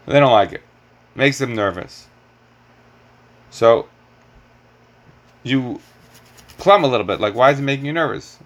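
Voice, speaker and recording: Animated male Torah teacher lecturing. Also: mid-range voice, a little slow, long pauses. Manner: animated, rhetorical questions, mixes Hebrew terms. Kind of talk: classroom lecture on commentary.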